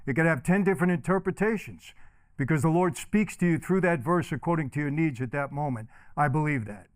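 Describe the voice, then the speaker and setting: A middle-aged man gives a keynote as a personal testimony, talking right to the audience. His voice sits a bit high for a man and comes through smooth and clear. The sound is dry and close. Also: brisk, no room sound. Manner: storytelling, direct address to audience. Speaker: keynote speaker.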